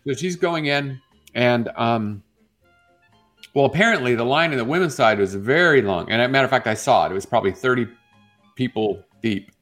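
A man co-hosting a morning radio show, telling a story in casual chat, with an animated storytelling manner. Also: fairly quick, soft background music. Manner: animated storyteller, jumps into high voices when quoting a woman.

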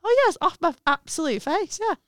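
A woman's voice: extremely high pitch, lively intonation, moderate pace, no room sound. A woman comedian telling blunt, laughing stories in casual podcast chat.

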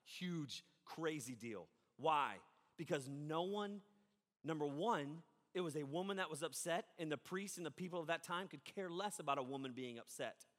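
A man preaching a sermon as pastor, animated and conversational, acting out the voices of people he quotes. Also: on the high side, long reverb tail.

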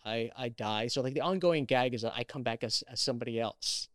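A man's voice: mid-range voice, brisk, dry recording, studio quality. A man, an actor, chatting as an interview guest, telling stories animatedly with many restarts. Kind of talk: casual interview chat.

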